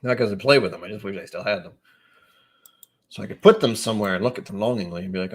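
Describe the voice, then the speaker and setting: A man from New England chatting casually on a live stream. He reads out viewer comments and rambles along with wry, sudden animated asides. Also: on the low side, fast, breathy edge.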